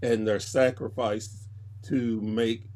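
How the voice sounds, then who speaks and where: A man's voice: mid-range voice, flat delivery, slow, darkish tone. A man, a podcast guest, telling stories casually and animatedly, jumping into other people's voices when he quotes them. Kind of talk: casual storytelling.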